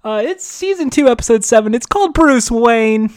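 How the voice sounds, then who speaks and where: A man's voice: extremely high pitch, lively intonation, smooth, dry recording, studio quality, pitched above the performer's own voice. A man doing a hyped-up chipper TV host. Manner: over-eager, hyped, rapid-fire hosting patter. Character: impression of a chipper male TV show host.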